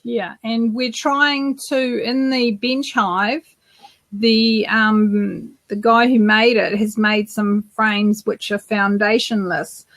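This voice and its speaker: A woman's voice: fairly high pitch, steady tone, takes it slowly, a bit bright, no room sound. A woman from New Zealand co-hosting a beekeeping podcast, chatting casually with lots of fillers and restarts. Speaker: podcast co-host. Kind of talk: casual live Q&A chat.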